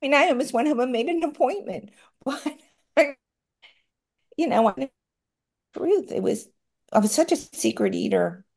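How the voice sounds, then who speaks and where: A woman's voice: high-pitched, expressive, moderate pace, gravelly, long pauses, darkish tone. A middle-aged woman giving a personal share at a support meeting, candid and rambling, with self-deprecating asides, and tearful at times. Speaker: recovery meeting speaker.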